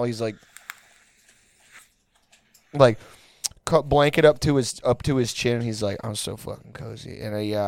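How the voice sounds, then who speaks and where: A man's voice: on the high side, no room sound. A man from Houston, Texas telling a crude story in a casual, rambling way, full of filler words.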